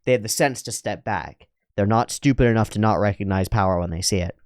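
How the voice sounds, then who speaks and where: A man's voice: lowish voice, fast, a little mellow, dry recording, studio quality. A man reacting to an anime episode in casual, profane commentary, often acting out the characters' lines in mocking voices.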